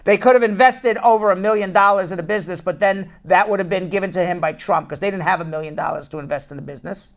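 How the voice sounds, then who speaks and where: A man hosting a call-in show as an immigration lawyer, ranting with animated indignation and then answering callers. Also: high voice, quick pace, creaky, few pauses.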